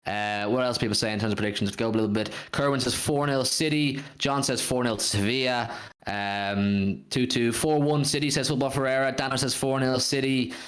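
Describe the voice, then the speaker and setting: A man's voice: mid-range voice, steady tone, brisk, a bit bright. A man hosting a casual football fan livestream, reading out viewers' comments and swearing now and then. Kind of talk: casual live-stream chat.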